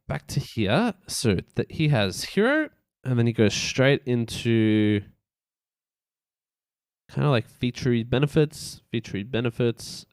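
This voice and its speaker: A man's voice: medium pitch, darkish tone, smooth, no room sound, clean studio sound. A man streaming live, casually talking through a website layout as he works, rambling and tossing in playful beeps. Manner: thinks aloud, loose and rambling, with playful sound effects. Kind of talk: casual live-stream commentary while working.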